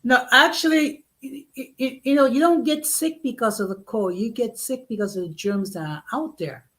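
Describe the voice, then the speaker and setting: A man's voice: extremely high pitch, normal speed, fairly bright tone. A man chatting casually as a regular guest. He teases the others and argues the contrary side playfully. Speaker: union member and regular guest. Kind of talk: casual chat.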